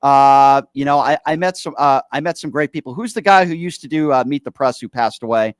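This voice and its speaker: A male radio talk show host in his forties takes calls and speaks his mind bluntly, with plenty of heat behind it. His voice sits at a middle pitch. It is recorded close and dry in a studio. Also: brisk, smooth, no echo. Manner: blunt, heated, opinionated. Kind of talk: political call-in talk.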